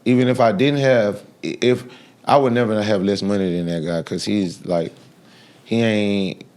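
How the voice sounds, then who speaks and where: A man, guest on a podcast interview, talking in a brash, animated way with loud bursts of laughter. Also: fairly low pitch, normal speed. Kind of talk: casual interview talk.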